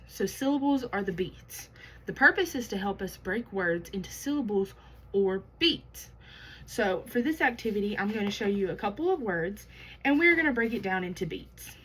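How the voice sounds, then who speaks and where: A young woman teaching a kindergarten class and sounding out words slowly and loudly for young children. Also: medium pitch, a little hiss or hum, low-quality recording. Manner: slow, exaggerated word sounding for young children. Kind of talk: kindergarten lesson.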